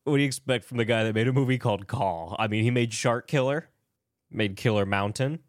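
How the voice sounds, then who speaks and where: A man's voice: medium pitch, brisk, no room sound, clean studio sound. A man co-hosting a casual movie podcast, rambling and laughing through his sentences. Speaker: podcast co-host.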